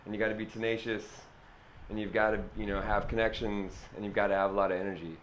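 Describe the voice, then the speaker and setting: Male supporter, lowish voice, earnest and rambling, faint noise behind. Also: flat delivery, quick pace, muffled recording. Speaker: local supporter giving an endorsement. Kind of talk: informal spoken endorsement.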